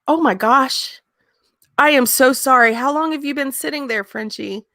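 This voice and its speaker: A woman's voice: high-pitched, normal speed, pushed and bright, no echo, clean studio sound. Blunt ranting woman host. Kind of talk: casual live-stream chat.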